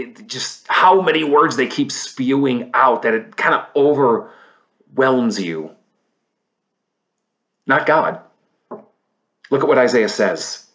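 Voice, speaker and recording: A man preaching a sermon, reading scripture aloud and swinging from emphatic peaks to quiet, low stretches. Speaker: pastor.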